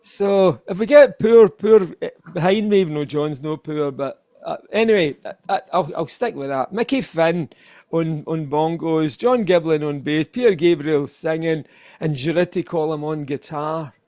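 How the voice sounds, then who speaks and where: A man's voice: on the high side, moderate pace, warm tone, no echo, clean studio sound. An older Scottish man chatting as a guest on a video-call interview, rambling and self-deprecating, laughing often. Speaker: guest musician. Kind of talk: casual interview chat.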